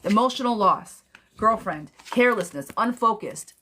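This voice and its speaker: A woman's voice: mid-range voice, expressive, moderate pace, bright, forceful tone, a little hiss or hum. Blunt woman giving a live tarot reading. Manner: blunt, direct, calls the viewer "girl"; casual, with swearing. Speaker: tarot reader.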